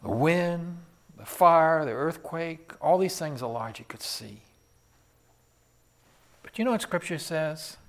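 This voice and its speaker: Man, preacher, sermon, storytelling, high voice, lively pitch. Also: takes it slowly, pauses often. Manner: animated storytelling, swinging from loud to soft.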